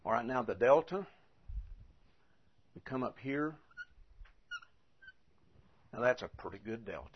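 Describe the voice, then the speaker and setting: A man teaching in an unhurried, patient way, going over each point again and again. His voice is a little husky, and the recording sounds dull and lo-fi. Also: mid-range voice, expressive. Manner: patient, repeats and spells things out. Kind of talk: teaching the Greek alphabet.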